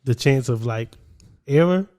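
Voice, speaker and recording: A young man co-hosting a casual podcast chat, animated and quick to laugh. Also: mid-range voice. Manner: animated, laughs often, drops into his own self-talk. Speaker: podcast co-host.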